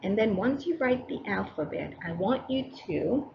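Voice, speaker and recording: A woman's voice: mid-range voice, lively intonation, moderate pace, gravelly, hardly any pauses, muffled recording, slight background noise. A woman teacher talking straight to her students on a close microphone, encouraging them and repeating each step. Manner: encouraging, talks to students directly, repeats steps. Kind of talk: recorded classroom lesson narration.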